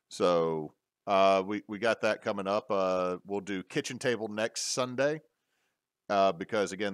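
A man hosting a casual podcast, rambling with many fillers and pauses. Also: low voice, a bit bright, clean tone, dry recording, studio quality. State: hiccups. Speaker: podcast host.

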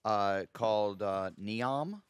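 A man's voice: fairly low pitch, slow, clear, resonant tone, no room sound. A man co-hosting a podcast, telling anecdotes and asking eager follow-up questions in casual chat. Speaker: podcast co-host.

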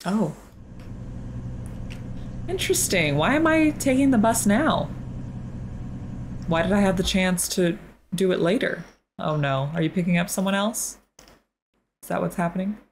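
A woman hosting a gaming channel, reacting nervously out loud and talking to the characters as she plays. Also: fairly low pitch, animated, unhurried, pauses often, a little hiss or hum. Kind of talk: let's play commentary. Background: game music.

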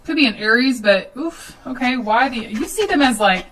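A woman's voice: on the high side, expressive, normal speed, fairly bright tone, far from the mic, poor audio. A woman giving a casual tarot reading at home, chatty, with filler ums and nervous laughs. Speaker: tarot reader.

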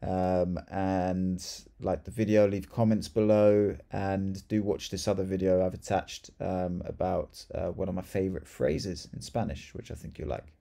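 Gravelly low-voiced man teaching Spanish. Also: level tone, a little slow, hardly any pauses, dark tone. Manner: chatty, upbeat, explaining. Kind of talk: casual video lesson.

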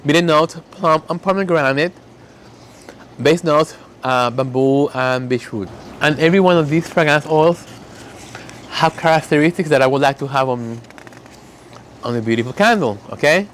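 Man, slightly raised pitch, emotional casual candle-making talk, faint background hum. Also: a bit bright. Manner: emotional, reads fragrance notes aloud slowly. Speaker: candle maker.

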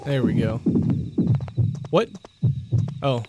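A man's voice: medium pitch, animated, drawn-out words, music in the background. A young man commentating a let's play of a horror game, jumping between panicky yelps and joking asides. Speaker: gaming YouTuber.

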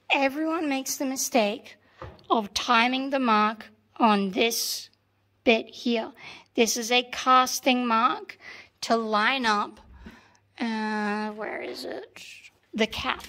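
Slightly hoarse Australian woman explaining. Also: on the high side, fairly bright tone. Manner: patient step-by-step explaining, repeats key points. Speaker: tank restoration mechanic. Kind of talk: hands-on workshop tutorial. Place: workshop beside a tank engine.

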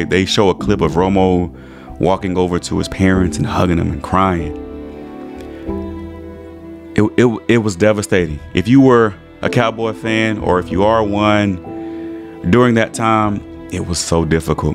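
A man's voice: low voice, moderate pace, over music. A man vlogging as a sports fan, talking emotionally with stammering restarts and dramatic retelling.

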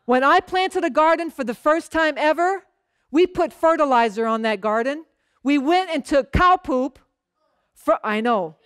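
A woman's voice: expressive, a little slow, a bit bright, no room sound, studio quality. A woman pastor preaching a sermon in a conversational storytelling way, often checking in with the congregation and acting out bits of dialogue. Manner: acts out short bits of dialogue in a lowered voice.

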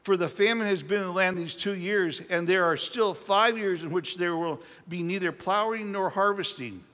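An older male pastor with a high, light voice delivers a conversational sermon. He reads the scripture aloud, then retells it with chatty, playful asides. His words ring out with a long reverb through a church sanctuary. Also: moderate pace, fairly bright tone.

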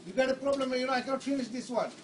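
A flustered worker stammers and restarts as he tries to explain, his voice high and rushed. He is recorded from a distance outdoors, with clear background noise and birds around him. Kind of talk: heated real-life argument. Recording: far from the mic, noisy outdoor air with birds.

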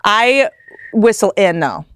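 A woman's voice: mid-range voice, very animated, slow, fairly bright tone, slight background noise. A woman in her thirties hosting a podcast, chatting casually with blunt, crude jokes. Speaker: podcast host. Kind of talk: casual chat and read ad.

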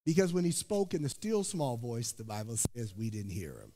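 A pastor from Indiana preaching a sermon, joking and calling out to his congregation in an animated way. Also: medium pitch, normal speed, slight background noise. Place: church sanctuary. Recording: long church hall reverb.

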